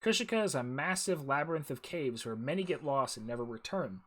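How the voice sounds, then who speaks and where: A man's voice: mid-range voice, animated, fairly quick, fairly bright tone. A man voicing a stern, by-the-book male jungle ranger officer, reading game dialogue aloud in a formal briefing tone.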